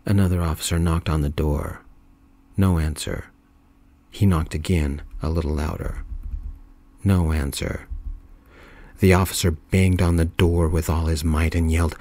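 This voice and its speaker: A man narrating a story in a calm, soft-spoken ASMR style. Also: deep voice, a little slow, long pauses, no room sound.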